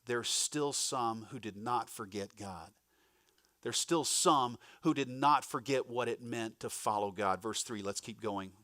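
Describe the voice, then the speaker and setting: A man's voice: medium pitch, a little slow, sharp tone, no room sound, studio quality. A male pastor giving a conversational sermon, breaking off for asides to the congregation. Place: church.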